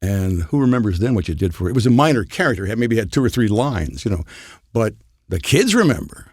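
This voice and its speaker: A man's voice: lowish voice, sing-song, fast, slightly rough, no echo, studio quality. An older man, a voice actor guest, telling rambling anecdotes with chuckles in a casual podcast chat.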